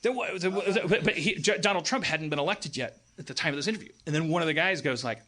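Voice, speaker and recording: Podcast host, male, bright tense tone, a bit high-pitched, rambling and profane, acts out quotes. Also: quick pace, hardly any pauses. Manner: profane, animated, acts out quoted people in raised voices. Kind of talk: rambling comedic storytelling. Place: live stage.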